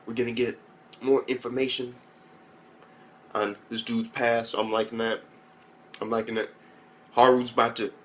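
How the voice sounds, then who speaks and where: A young man giving a loose, rambling spoken recap as an anime reviewer, swearing often and mimicking characters in raised voices. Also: mid-range voice. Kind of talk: casual profane recap.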